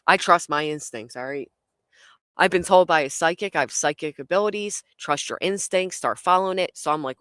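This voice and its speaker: A woman's voice: deep voice, brisk, a bit bright, clear, resonant tone, dry recording, studio quality. A woman telling a wild personal story in a blunt, casual way, swearing constantly, acting out her own inner voice and laughing through her lines.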